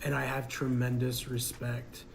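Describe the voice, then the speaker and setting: A man's voice: medium pitch, monotone, unhurried, gravelly, a little hiss or hum, poor audio. A man casually telling a personal story in a reflective, hesitant way, full of fillers.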